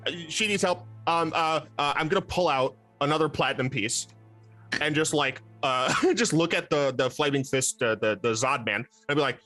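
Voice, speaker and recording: Dude playing d&d, bright tense voice, stumbles over words a lot. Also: male voice, a little high, moderate pace, faint music behind. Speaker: player. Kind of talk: tabletop role-play.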